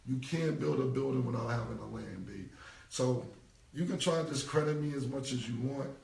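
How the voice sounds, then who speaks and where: A man's voice: medium pitch, moderate pace, creaky, a little mellow, recorded from a distance. A man in his forties ranting casually on a phone livestream, emphatic and profane, repeating his points. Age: 40s. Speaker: rapper responding on a livestream. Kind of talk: casual rambling livestream rant. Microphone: phone held away. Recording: roomy echo, voice away from the phone mic.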